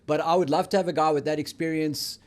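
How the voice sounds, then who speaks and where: Brief: dry-witted co-host, slightly high-pitched. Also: male voice, fairly even intonation, quick pace. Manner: dry, wisecracking. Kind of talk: casual sports chat.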